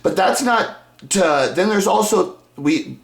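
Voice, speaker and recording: A man talking in a rambling monologue, restarting his sentences, swearing a lot and working himself up into shouting rants. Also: high voice, lively intonation, slow pace, gravelly. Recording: echoey room.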